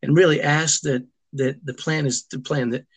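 This middle-aged man's voice sits on the high side, with fairly even intonation and a breathy quality. As an interview guest recounting a family story, he comes across as earnest and emotional, often halting and starting his sentences over.

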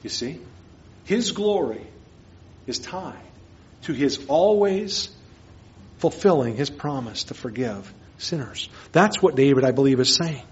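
A man preaching a sermon as pastor, earnest, moving between hushed and emphatic lines. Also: mid-range voice, animated, unhurried, pauses often. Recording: dull lo-fi sermon recording.

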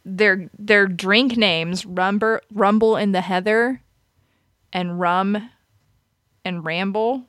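A chatty woman host rambles casually, often laughing and restarting her sentences. Her mid-pitched voice is recorded dry and close, with no room sound. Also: slow pace, a bit bright, no echo. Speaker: radio and podcast host. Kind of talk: casual chat about a movie.

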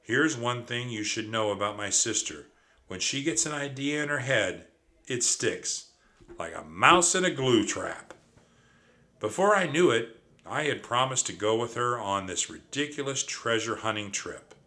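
A man reading a children's storybook aloud in an expressive first-person narration. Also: mid-range voice, normal speed.

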